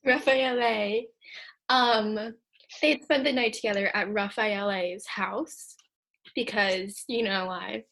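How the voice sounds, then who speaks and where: A woman's voice: mid-range voice, fairly even intonation, takes it slowly, creaky, fairly bright tone. A teenage girl co-hosting a casual podcast, telling the story in a chatty, giggly way. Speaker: podcast co-host. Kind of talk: casual chat.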